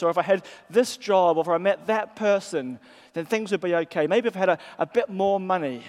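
A man with a New Zealand accent preaches in an easy, conversational way, slipping into anecdotes. His voice sits high for a man. The sound carries the long reverb of a church hall. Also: brisk, a little mellow. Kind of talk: sermon.

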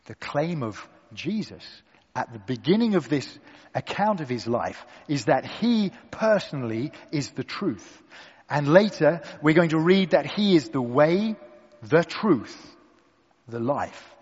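Slow, animated male preacher in a hall. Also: on the high side, husky, highs cut off. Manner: deliberate, emphatic preaching with dramatic pauses. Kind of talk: sermon. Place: church hall with an audience.

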